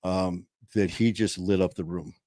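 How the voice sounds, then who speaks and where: Low-voiced man telling a story on a livestream. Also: measured pace, dry recording, studio quality. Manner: animated, acts out quotes in a raised voice. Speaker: co-host of a livestream show. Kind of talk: casual storytelling chat.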